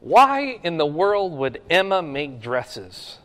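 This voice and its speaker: A man's voice: fairly high pitch, big pitch swings, slow, a bit bright. A man teaching a classroom Bible lesson, often checking in with his listeners by asking "okay?". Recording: long reverb of a hall.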